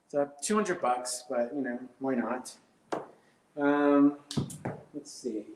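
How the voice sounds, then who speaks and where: A man's voice: medium pitch, slow, background noise. A man doing rambling, hesitant stand-up comedy on a live stream, full of fillers and absurd bits. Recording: roomy echo.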